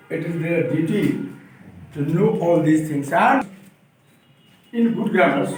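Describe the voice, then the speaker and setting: Emphatic Indian man lecturing in an echoey hall. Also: high voice. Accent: Indian English. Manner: emphatic, asks the room questions. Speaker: workshop trainer for teachers. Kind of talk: lecturing a workshop. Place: classroom or hall. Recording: very echoey room, distant mic, faint noise.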